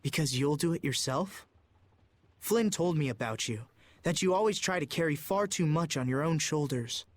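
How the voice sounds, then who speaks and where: An actor voicing an earnest young prince in a video game, speaking in a formal, measured, polite way. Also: male voice, a little high, lively intonation, close to an everyday voice. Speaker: game character.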